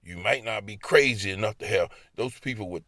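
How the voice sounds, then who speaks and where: A forceful, bright, lowish voice with a Baltimore accent moves fairly quickly through casual personal anecdotes told to the listener. The man laughs frequently as he acts out his inner voices, and the studio-quality audio has no echo.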